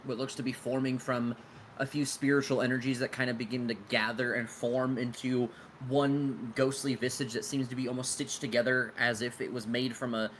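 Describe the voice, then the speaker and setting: Male GM, mid-pitched voice, casual table talk, quick rulings, faint background noise. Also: fairly bright tone. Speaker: game master. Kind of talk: narrating a tabletop game.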